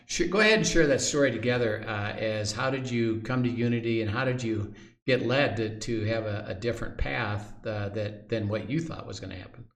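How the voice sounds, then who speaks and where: Male host, hesitant, filler-heavy, lowish voice, roomy echo. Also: a little fast, few pauses. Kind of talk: casual interview.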